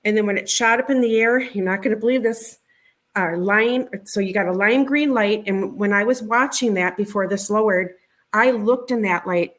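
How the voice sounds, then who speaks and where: A middle-aged woman tells a personal story as an interview guest. Her voice sits in a plain, middle pitch. She talks in a halting, conversational way, repeating words and starting over as she goes. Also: a bit bright. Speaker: interview guest recounting a sighting.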